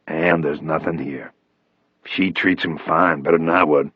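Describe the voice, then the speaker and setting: A man voicing a weary, disgusted male investigator who speaks slow, flat and dry. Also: very deep voice, no room sound, muffled recording.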